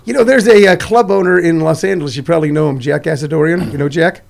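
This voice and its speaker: A middle-aged man hosting a casual talk show, rambling and halting with many fillers. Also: a little high, vocal fry. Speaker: radio host. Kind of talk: casual chat.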